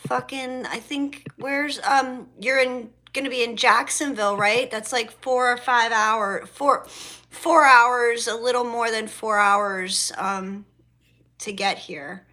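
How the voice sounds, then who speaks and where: Bright-voiced woman chatting on a phone livestream. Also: on the high side, fairly even intonation, slow. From South Florida. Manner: swears freely, greets viewers by name. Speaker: livestream host and spiritual reader. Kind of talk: casual livestream chat.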